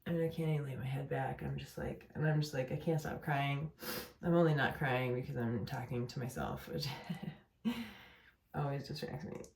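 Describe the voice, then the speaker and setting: A woman's voice: a bass voice, normal speed, creaky, darkish tone, slight background noise. A young woman venting late at night at home, in pain and worn down, rambling with lots of fillers and self-corrections. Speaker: vlogger. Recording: roomy echo.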